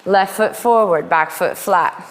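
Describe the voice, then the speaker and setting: A woman teaching a live yoga class, cueing poses in a playful way with quick asides. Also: fairly low pitch, slight background noise. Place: yoga studio. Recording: long hall reverb in studio.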